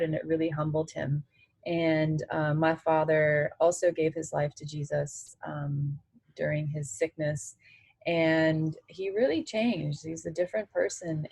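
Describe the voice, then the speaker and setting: A woman in her forties talks openly in an interview, her voice pitched low and a little husky. She speaks in a heartfelt way and leans on "you know" again and again. The sound is close and dry. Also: darkish tone, no echo, poor audio. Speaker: interview guest, former tennis player. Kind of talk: candid conversational interview.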